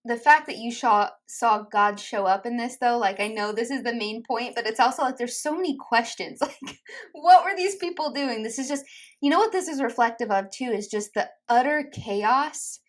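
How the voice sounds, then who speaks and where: A woman's voice: fairly high pitch, moderate pace. A woman hosting a podcast interview, reacting attentively to her guest. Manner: attentive, reacting with short affirmations. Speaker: podcast host. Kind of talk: interview conversation.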